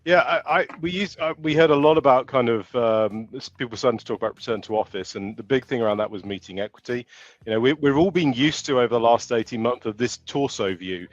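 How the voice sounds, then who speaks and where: A British man from the UK, a product director joining a podcast remotely, talking in a relaxed, joking way with many fillers. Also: mid-range voice, fast, no room sound, lo-fi sound. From United Kingdom. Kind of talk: casual interview chat.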